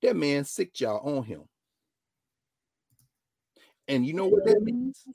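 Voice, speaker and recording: A man, a professor telling a story in an animated lecture and acting out the dialogue. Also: slow pace, vocal fry, crowd noise. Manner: dramatic, acts out dialogue, swings from low mutters to loud exclamations. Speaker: professor hosting a class-style show.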